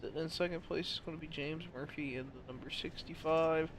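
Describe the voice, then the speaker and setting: A man's voice: on the high side, fairly even intonation, a little fast, background noise. A man giving casual play-by-play commentary on a sim race, tired and losing his voice, with apologetic asides between calls.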